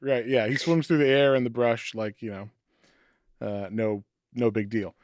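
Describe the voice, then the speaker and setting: A man casually retelling a comic book's plot in a podcast chat, acting out lines in quick quoted bits. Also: medium pitch. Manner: animated storytelling, acting out quotes. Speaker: podcast co-host.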